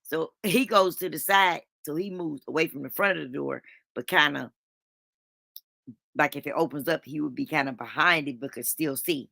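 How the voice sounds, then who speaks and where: Casting: a lowish, bright-voiced woman vlogger, dramatic storyteller with salty language. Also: moderate pace, vocal fry, dry recording. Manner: dramatic, swears freely, talks to viewers as "honey". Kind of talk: animated storytelling.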